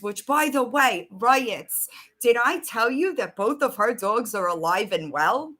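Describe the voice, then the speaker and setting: A woman's voice: fairly high pitch, animated, takes it slowly, sharp tone. A woman hosting a casual livestream, chatting loosely and swearing while she reads out messages and searches her phone. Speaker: livestream host.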